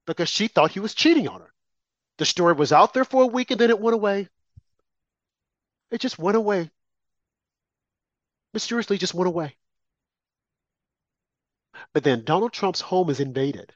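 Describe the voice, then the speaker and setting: A man speaking a little higher than most, pressing his points with emphatic repetition and mocking asides. It's an opinionated commentary monologue, recorded dry with no room sound. The audio is slightly muffled and lo-fi. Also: dry recording. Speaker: political commentator.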